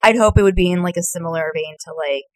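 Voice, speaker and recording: A woman's voice: on the low side, quick pace, darkish tone, no room sound, rough recording. Chatty woman podcast co-host, dry mic. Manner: chatty, upbeat, heavy use of "like". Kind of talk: casual chat.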